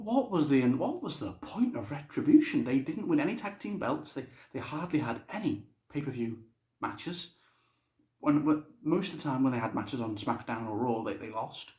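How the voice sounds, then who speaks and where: A young man with a fairly high, warm voice gives a casual, blunt spoken review of a wrestling show, swearing freely. The recording has a roomy echo.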